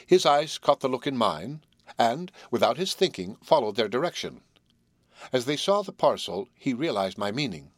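This is scripted audiobook narration of a classic novel by a man with a medium-pitched voice. He tells the story in an even, measured way, and the studio-grade audio carries no room sound.

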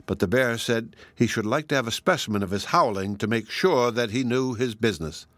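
A man reading a fairy tale aloud as narrator, steady and measured. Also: medium pitch, no room sound. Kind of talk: storybook reading.

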